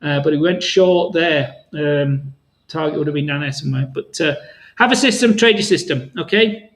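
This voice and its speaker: A man with a high voice hosts a live trading Q&A, talking viewers through charts in a loose, rambling, friendly way. His voice sounds a little worn from long talking. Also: moderate pace, low-quality recording. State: voice tiring. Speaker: trading webinar host.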